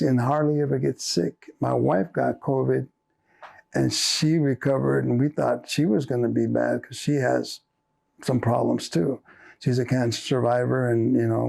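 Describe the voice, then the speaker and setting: Middle-aged guy, super gravelly flat voice, just telling it straight. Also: medium pitch. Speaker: interviewee, covid survivor. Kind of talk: personal testimony.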